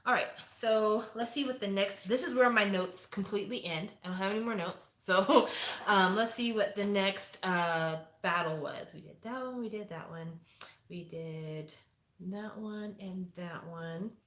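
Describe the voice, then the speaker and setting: A woman in her forties chatting casually to viewers, opinionated and lively, acting out quotes as she reviews a show. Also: mid-range voice, moderate pace. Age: 40s. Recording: echoey room.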